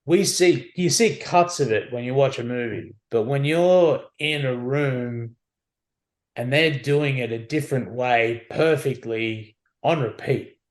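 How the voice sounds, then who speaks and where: Animated man telling stories. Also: medium pitch, measured pace. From Australia. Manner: animated, swears casually, acts out dialogue. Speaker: podcast guest. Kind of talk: casual storytelling.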